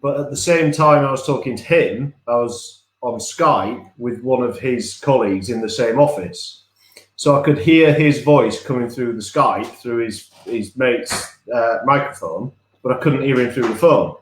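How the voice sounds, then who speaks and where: A man's voice: medium pitch, a little slow. Rambling, chatty man in an echoey room. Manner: chatty, rambling, laughs at himself. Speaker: podcast co-host. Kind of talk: casual live-stream chat.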